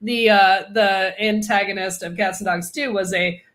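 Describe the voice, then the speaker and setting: A woman co-hosting a casual podcast chat, talking in animated, quick bursts of enthusiasm. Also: mid-range voice. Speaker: podcast co-host.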